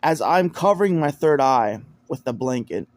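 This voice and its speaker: A man's voice: medium pitch, lively intonation, moderate pace, dry recording. A man telling a personal story in a casual, rambling way, often repeating words and restarting sentences. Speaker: storyteller recounting personal experience. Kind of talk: casual spoken monologue.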